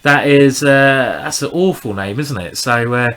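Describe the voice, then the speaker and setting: Chatty man with a bright voice. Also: medium pitch, measured pace. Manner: chatty, rambling, self-deprecating. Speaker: chess streamer. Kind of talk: live chess commentary.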